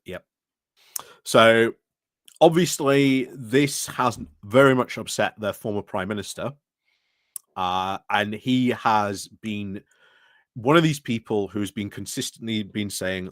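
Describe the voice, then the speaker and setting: Regular guest, man, fairly low voice, dry close sound, chatty explainer of news. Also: takes it slowly, dry recording. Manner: explains at length, with fillers and restarts. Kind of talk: casual news chat.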